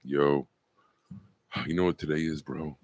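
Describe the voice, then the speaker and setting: A man's voice: very deep voice, steady tone, a little slow, darkish tone, no echo. A man hosting a crude comedy podcast, riffing profanely and cracking jokes. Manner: profane, riffing, does goofy voices. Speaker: podcast host.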